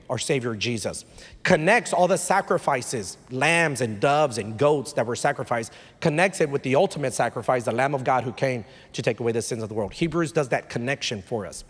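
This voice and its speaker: A male pastor gives a conversational sermon that rises into emphatic bursts. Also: a little high. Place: church sanctuary. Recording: live church hall reverb.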